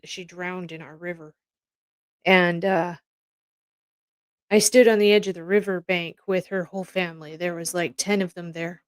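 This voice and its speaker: A woman's voice: on the low side, clear, resonant tone, no room sound. A woman from Canada hosting a casual commentary from home, telling stories in a rambling, heartfelt way that verges on tears. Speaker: host reacting to news clips.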